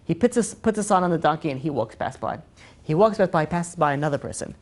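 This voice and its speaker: Man, rabbi type, rapid lecturing, animated and chatty. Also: on the high side. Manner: animated, chatty, full of "you know". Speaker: rabbi teaching a class. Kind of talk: lively lecture to a live group.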